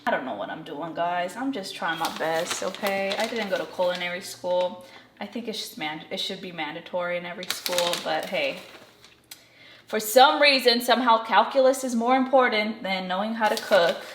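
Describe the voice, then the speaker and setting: A woman's voice: medium pitch, moderate pace, background noise. Chatty young woman cooking in an echoey kitchen. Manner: chatty, rambling, self-deprecating asides. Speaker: vlogger. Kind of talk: casual cooking vlog. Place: home kitchen. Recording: echoey kitchen with loud frying sizzle. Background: food sizzling and stirring.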